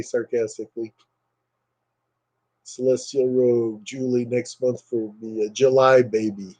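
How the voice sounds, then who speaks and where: A man's voice: mid-range voice, slow, pauses often. A man hosting a casual livestream, rambling and reading viewer comments aloud, with lots of hesitant fillers. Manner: relaxed, hesitant with many fillers. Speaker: livestream host.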